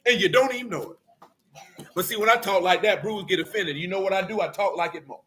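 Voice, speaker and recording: A middle-aged man preaching a fiery sermon in street slang, scolding and sometimes shouting. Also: high-pitched, fast talker.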